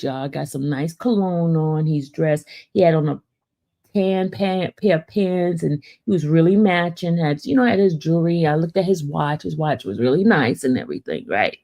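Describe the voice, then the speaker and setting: A woman casually telling a personal story to her viewers, chatty and animated, often checking in with "right?" and talking straight to her audience. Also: fairly low pitch, a little slow.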